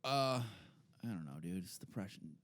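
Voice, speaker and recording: A man's voice: deep voice, normal speed, no echo, clean studio sound. A young man co-hosting a podcast, chatting casually and telling jokes. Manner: joking, lively storytelling. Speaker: podcast co-host.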